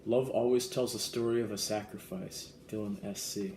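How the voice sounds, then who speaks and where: A young man vlogging in an earnest, excitable way, reading a gift card and verses aloud. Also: lowish voice, normal speed, slight background noise. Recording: roomy echo with faint ambience.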